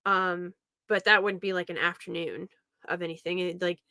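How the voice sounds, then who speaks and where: A woman's voice: fairly low pitch, little pitch movement, normal speed, pushed and bright, no echo, clean studio sound. A young woman telling a family story in a casual, rambling way, often laughing as she talks. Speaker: podcast host.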